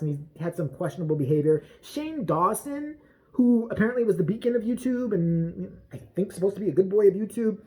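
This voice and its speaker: A woman's voice: medium pitch, mellow. A woman vlogger giving a blunt, profane gossip commentary.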